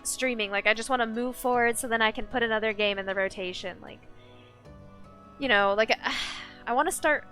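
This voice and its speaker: A woman's voice: a little high, fairly quick, pushed and bright, faint music behind. A woman streamer chatting casually while playing a game, rambling with many fillers and restarts. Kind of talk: casual live-stream chat while gaming.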